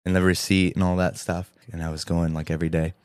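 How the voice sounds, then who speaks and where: A man's voice: sits low, flat delivery, quick pace, a little mellow, smooth, no room sound, studio quality. A young man co-hosting a podcast, telling an earnest faith story with lots of quoted dialogue. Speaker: podcast co-host. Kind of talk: storytelling testimony.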